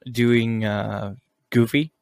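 A man's voice: medium pitch, steady tone, extremely slow, creaky, a little mellow, no room sound. Profane, laughing man on a dry podcast mic. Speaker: podcast co-host. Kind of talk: casual crude banter.

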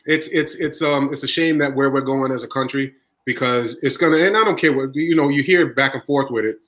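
Emphatic deli owner talking shop. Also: male voice, medium pitch, brisk, fairly bright tone, rough recording. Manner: emphatic, repeats points for stress. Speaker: deli owner, podcast host. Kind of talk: casual podcast discussion.

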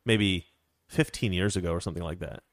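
A deep-voiced man speaks fairly quickly as co-host of a casual chat, on a dry, studio-quality recording. He's a rambling storyteller whose long tales are full of restarts and fillers.

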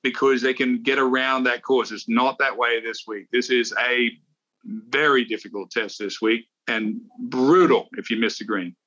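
Bright-voiced man telling golf stories. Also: medium pitch, steady tone, moderate pace, dull audio. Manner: rambling anecdotal storytelling. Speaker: golf analyst and former champion. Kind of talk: casual podcast chat.

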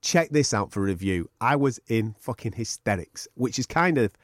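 Lively sweary podcast host. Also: male voice, mid-range voice, normal speed, dry recording, clean studio sound. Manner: sweary, laughing banter. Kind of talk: casual podcast chat.

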